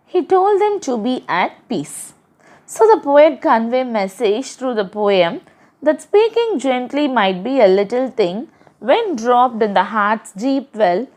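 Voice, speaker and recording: An Indian English woman teaching a poem, reading each verse and then explaining it and defining its harder words. Her voice sits fairly high and moves about a great deal in pitch. She speaks slowly, in the careful manner of a classroom lesson.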